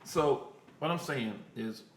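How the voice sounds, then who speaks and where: A man's voice: medium pitch, slow pace, distant mic, a little hiss or hum. A man co-hosting a casual podcast chat, laughing often and teasing the others. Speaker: podcast co-host. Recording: echoey room.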